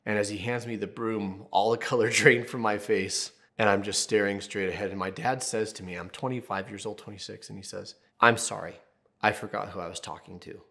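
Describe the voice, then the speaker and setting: Male therapist-host, 30s, slightly low-pitched, casual and candid, jokes as he goes. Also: steady tone, fairly quick, few pauses, fairly bright tone. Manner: casual and candid, jokey asides, tells personal stories. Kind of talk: advice video talking to camera.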